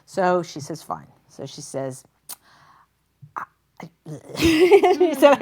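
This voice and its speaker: A woman's voice: on the high side, huge pitch swings, very slow, pauses often, darkish tone, breathy edge. A woman talk show host retelling a story in a chatty, emotional way, with many fillers. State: near tears.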